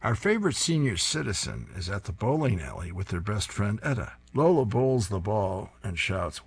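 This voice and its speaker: Here a man with a lowish, breathy voice swings widely in pitch, talking at normal speed with hardly any pauses. As host of a reading-service program, he reads comic strips and chuckles at the humor.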